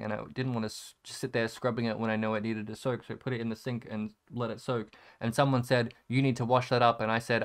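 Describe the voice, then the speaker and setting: A young man talks through a rough day in a candid vlog, his voice smooth and clear at a middling pitch. He rambles and stops to restart often, drops casual swears, and lets phrases trail off quietly. He sounds emotional, like he cried not long ago. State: emotional after crying. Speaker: vlogger.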